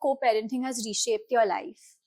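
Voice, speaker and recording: A woman's voice: fairly high pitch, fairly even intonation, normal speed, a little mellow. A woman hosting a podcast interview, asking questions and giving brief affirmations. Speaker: podcast host.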